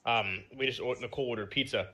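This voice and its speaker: A man's voice: mid-range voice, fast, pushed and bright. A man co-hosting a podcast in casual chat, rambling and laughing often, with mock indignation. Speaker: podcast co-host.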